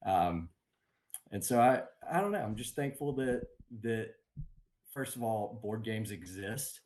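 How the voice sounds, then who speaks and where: A man, a board game company guest, talking in an upbeat, relaxed way over a video call, with many ums. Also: fairly low pitch, unhurried, slight background noise. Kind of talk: casual interview chat. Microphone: remote video call.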